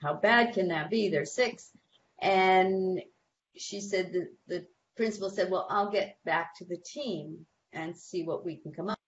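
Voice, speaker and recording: A woman's voice: on the low side, measured pace, highs cut off, a little hiss or hum. A woman giving practical advice to parents on a talk show, telling stories and acting out the people she quotes. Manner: animated storytelling, acts out quoted people. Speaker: guest behavior expert.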